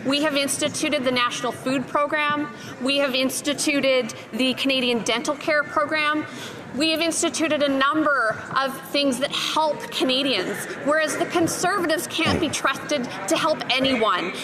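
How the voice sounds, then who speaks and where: A high-pitched woman answers for the government in a formal, assertive tone, listing programs and rebutting the opposition. A clear crowd murmur fills the chamber behind her. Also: measured pace, rough recording. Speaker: government minister. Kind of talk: parliamentary answer.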